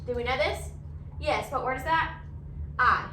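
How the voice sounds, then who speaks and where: A young woman teaching a phonics lesson to young children, asking coaxing questions in a slow, sing-song way. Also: high-pitched, bright, forceful tone, slight background noise.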